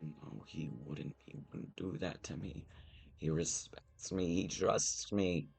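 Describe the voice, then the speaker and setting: A man voicing a devoted older male knight in a tabletop game, gravelly and solemn. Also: low-pitched, slow pace, exaggerated voice. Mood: defensive. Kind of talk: tabletop role-play voicing.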